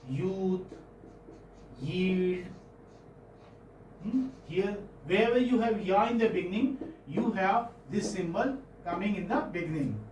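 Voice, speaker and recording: A man with an Indian English accent giving a classroom phonetics lecture, halting and often checking in with students. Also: sits high, a little mellow, slight background noise. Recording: roomy classroom audio from far off.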